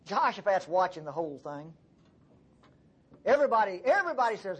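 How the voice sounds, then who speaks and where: Animated, husky-voiced male preacher. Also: high-pitched, fast talker. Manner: animated storytelling, conversational. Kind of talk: sermon.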